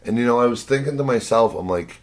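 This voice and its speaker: A man's voice: medium pitch, fast talker. A man co-hosting a podcast, telling a story in a casual, teasing way and swearing freely. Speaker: podcast co-host.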